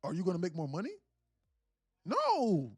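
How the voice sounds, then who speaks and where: A young man from South Carolina talks casually on a live trading stream, sarcastic and wandering, tripping over restarts. His voice sits in a middle pitch, recorded dry and close with no room echo. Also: lively intonation, normal speed, soft background music. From South Carolina, USA. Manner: sarcastic, rambling, many restarts. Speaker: day trader and live streamer.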